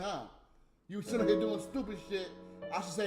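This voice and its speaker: A man's voice: high voice, a little fast, darkish tone. A man on a livestream in a heated, profane casual rant, blunt and rambling, smoking a cigarette as he talks. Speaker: livestream host. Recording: roomy echo with faint music.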